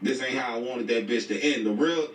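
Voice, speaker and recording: A man hosting a reaction video, making quick crude remarks in street slang. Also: mid-range voice. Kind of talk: casual reaction commentary. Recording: echoey and distant.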